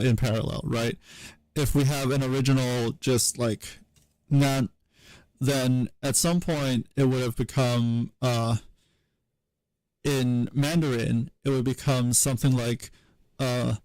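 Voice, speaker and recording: Slow, halting man explaining sound changes. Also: medium pitch, a little mellow, no echo, rough recording. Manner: halting and hesitant, many fillers and self-corrections. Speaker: streamer explaining historical linguistics. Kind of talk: unscripted live-stream explanation.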